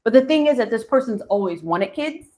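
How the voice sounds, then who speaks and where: A woman in her forties gives a live tarot reading, pondering aloud between cards and addressing viewers. Her voice is a little high, dark in tone and animated, with a brisk pace.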